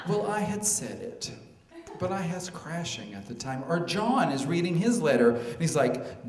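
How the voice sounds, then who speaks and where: A man performs a comic true-life story for a live audience, his fairly high voice jumping into excited squeals at the punchlines. The sound carries a long, roomy reverb from the hall. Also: takes it slowly. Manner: comic, animated, swings into high excited exclamations. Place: storytelling show venue. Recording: echoey hall, live stage.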